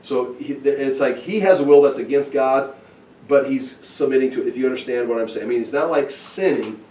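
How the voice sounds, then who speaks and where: A man's voice: mid-range voice, fairly quick, dark tone. A man giving an informal, conversational Bible teaching, walking listeners through the verses. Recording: roomy echo, mic at a distance.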